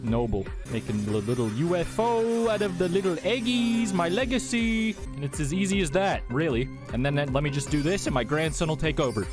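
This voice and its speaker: A man's voice: a little high, lively intonation, fairly quick, hardly any pauses, music in the background, lightly acted. A man voicing a proud old grandfather craftsman who passes his legacy on to his grandson, in a folksy, boastful way.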